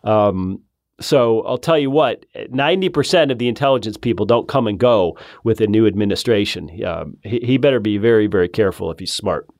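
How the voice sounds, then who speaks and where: A man's voice: lowish voice, a little fast, a little mellow, dry recording, studio quality. A male guest in casual political chat, talking emphatically with frequent restarts.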